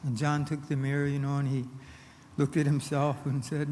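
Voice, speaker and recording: A man giving a recovery meeting talk, earnest storytelling that moves between hushed and emphatic, in a meeting hall. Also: fairly high pitch, flat delivery, normal speed. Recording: long hall reverb, faint noise.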